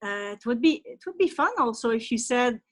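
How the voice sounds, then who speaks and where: A woman's voice: fairly high pitch, expressive, fairly quick, no echo. Quebec French-accented woman caller. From Quebec, Canada. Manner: hesitant, repeats words.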